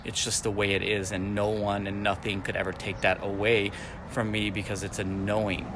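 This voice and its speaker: Man in his forties, deep-ish voice, spiritual teaching monologue, repeats affirmations, faint traffic hum behind. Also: little pitch movement, normal speed. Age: 40s. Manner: repetitive, affirmation-like phrasing.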